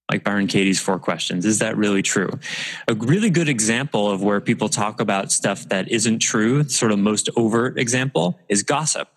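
Low-voiced man coaching leaders. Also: poor audio. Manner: conversational, laughs at own asides, self-correcting. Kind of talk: webcast talk.

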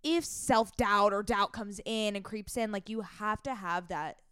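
A woman's voice: mid-range voice, a little slow, fairly bright tone, clear, resonant tone, no room sound, studio quality. A woman hosting a podcast, earnest and reflective, often restarting her phrases. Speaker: podcast host. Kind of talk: casual podcast chat.

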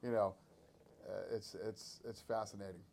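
A man's voice: on the low side, fairly even intonation, moderate pace, gravelly, darkish tone, slight background noise. A man guesting on a podcast as a sports promoter, telling stories emphatically and acting out what others said. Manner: emphatic storyteller, acts out quotes. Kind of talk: casual podcast talk.

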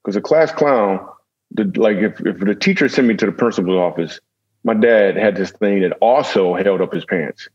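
A husky-voiced man with a fairly low pitch tells a long comic story about his beginnings. He talks in a jokey way, dropping in self-deprecating asides. The recording sounds dull and lo-fi. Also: moderate pace, a little mellow. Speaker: comedian guest. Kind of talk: humorous storytelling in a conversation.

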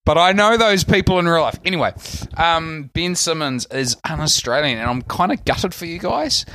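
A man's voice: fairly high pitch, moderate pace, slight background noise. A man with a New Zealand accent, co-hosting a casual sports podcast and rambling loosely with lots of fillers. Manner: relaxed rambling with many fillers. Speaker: podcast co-host. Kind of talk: casual chat.

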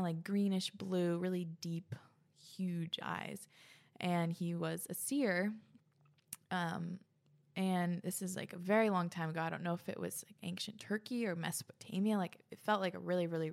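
Woman vlogger with a slightly low voice, casual, loose and rambling, lots of fillers. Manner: rambling, filler-heavy, laughs at herself. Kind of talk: casual chat to camera.

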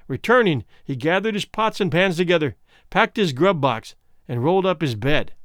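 A man narrating an audiobook in an expressive, dramatic storytelling manner. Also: a little high, dry recording, clean studio sound.

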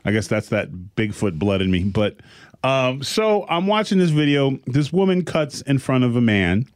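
A man's voice: mid-range voice, moderate pace, smooth. Middle-aged male co-host, conversational storyteller with a mid-range voice. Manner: animated storyteller, acts out quoted voices. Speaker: podcast co-host. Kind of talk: casual chat.

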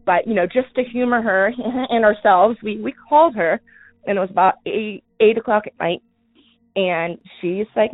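Woman caller, mid-pitch, casual storyteller, hesitant with soft laughs, phone-line sound. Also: no echo. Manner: halting, with fillers and soft laughs. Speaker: caller telling a personal story. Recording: tinny phone line, dry.

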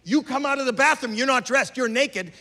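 An older man doing stand-up crowd work at a comedy club, loud and incredulous, shouting at an audience member. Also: very high voice, brisk. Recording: reverberant club, crowd noise. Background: laughing crowd.

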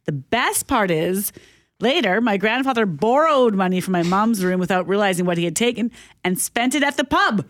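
A woman's voice: medium pitch, lively intonation, normal speed, dry recording, studio quality. A woman co-hosting a morning radio show, chatting in a playful, reminiscing way. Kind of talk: casual radio chat. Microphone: studio microphone.

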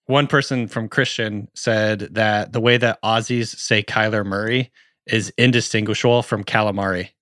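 A man's voice: on the low side, fairly even intonation, moderate pace, a bit bright, no room sound, studio quality. A man co-hosting a podcast in casual chat, loose and rambling, often laughing. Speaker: podcast co-host.

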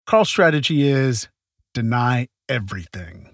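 A man narrating a true-crime podcast from a script in a measured way, with the odd wry aside. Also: mid-range voice, big pitch swings, gravelly, dry recording, clean studio sound. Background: faint guitar music.

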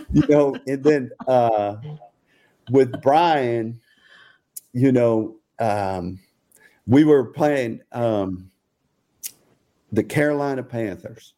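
A man's voice: slow pace, pauses often, dark tone. An older man, a former football coach, chatting casually as a podcast guest and telling stories with frequent laughs. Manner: laughs often, acts out quotes in a higher voice. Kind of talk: casual podcast chat, storytelling.

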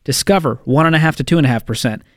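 A man co-hosting a radio show in a casual, opinionated, wry way, reeling off figures. His voice sits a little high. The studio sound is dry and close. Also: very fast, a bit bright, no room sound. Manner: opinionated, wry, reels off numbers. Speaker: radio co-host. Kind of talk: casual talk radio chat.

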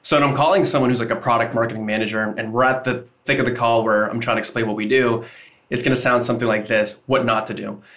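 A man's voice: medium pitch, fairly even intonation, quick pace, a bit bright. A man talking casually as a podcast guest about sales, slipping into sample cold-call lines as he explains.

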